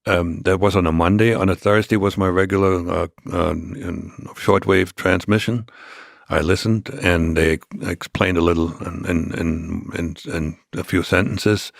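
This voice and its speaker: Older man, deep gravelly voice, halting storyteller, dry close sound. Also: steady tone, dry recording. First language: German. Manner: halting, many restarts and fillers. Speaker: interview guest. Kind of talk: storytelling in an interview.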